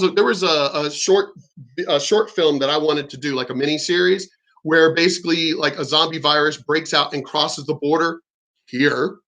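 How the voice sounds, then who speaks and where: A man's voice: fairly high pitch, vocal fry, sharp tone. A man from Virginia ranting in a casual vlog monologue, rambling and swearing heatedly. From Virginia, USA. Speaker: vlogger.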